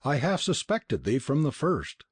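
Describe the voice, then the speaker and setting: A man's voice: mid-range voice, huge pitch swings, a little slow, breathy edge, dry recording, studio quality, exaggerated voice. A man voicing an arrogant Italian prince who speaks haughtily, impatiently and with scorn. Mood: scornful. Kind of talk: audiobook character reading.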